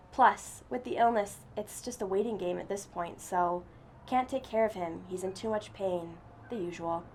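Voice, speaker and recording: Woman reading as steady male shelter worker, calm, reassuring, bit gravelly. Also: medium pitch, slight background noise, close to an everyday voice.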